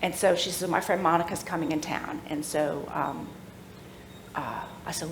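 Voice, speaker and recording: A middle-aged woman telling a personal faith story at a church workshop, animated and laughing as she acts out the voices of people in the story. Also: deep voice, moderate pace, a little hiss or hum. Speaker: workshop speaker. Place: church room. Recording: echoey room with faint ambience.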